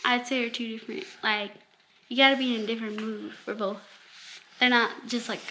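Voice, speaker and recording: A woman's voice: on the high side, steady tone, fast, bright, forceful tone, a little hiss or hum, poor audio. A woman in casual chat, giving emphatic, chatty opinions. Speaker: friend in the vlog.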